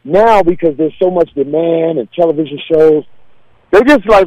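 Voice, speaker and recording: A man's voice: fairly high pitch, normal speed, a little mellow, no echo, muffled recording. A man, a comedian, talking casually in an interview, confident and laid-back as he tells stories. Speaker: comedian guest.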